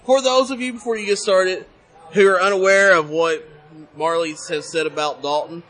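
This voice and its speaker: A man's voice: sits high, fairly even intonation, moderate pace, a bit bright. A man hosting a casual podcast interview at a convention, who hypes up his guest and plugs his show. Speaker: podcast host. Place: busy convention hall.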